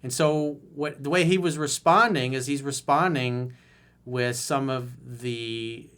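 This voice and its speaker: A man's voice: medium pitch, fairly even intonation, slow pace, fairly bright tone. A man working as a dating coach who reads viewer emails aloud and gives blunt, exasperated commentary on them.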